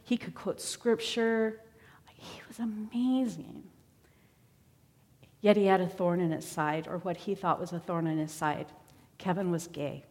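A woman's voice: fairly low pitch, normal speed, darkish tone. A woman giving a personal testimony sermon as a church member, telling her story in a conversational way. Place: church sanctuary. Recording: long church hall reverb.

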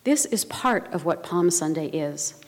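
A woman preaching a sermon in a measured, reflective way. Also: on the low side, lively intonation. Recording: long reverb of a large hall.

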